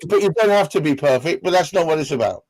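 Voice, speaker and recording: Man, podcast host, jokey, very lively pitch. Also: quick pace, low-quality recording. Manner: playful, jokey tangents. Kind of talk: casual podcast talk.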